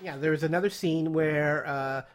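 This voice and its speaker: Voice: medium pitch, fairly even intonation, moderate pace. A podcast co-host retelling TV scenes in a casual, rambling way with many fillers. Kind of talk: casual chat about a TV show.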